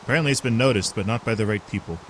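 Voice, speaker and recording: A man's voice: on the low side, racing, a bit bright, slight background noise. A man hosting a casual group game session, speaking with dry, matter-of-fact humor. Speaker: channel host. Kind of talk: casual group gameplay chat.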